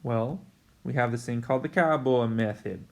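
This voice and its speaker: A man's voice: medium pitch, moderate pace, gravelly, darkish tone. A male math teacher explaining a lesson in a casual, chatty way. He talks straight to his students and jokes about his own slips as he works. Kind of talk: recorded math lesson at a whiteboard.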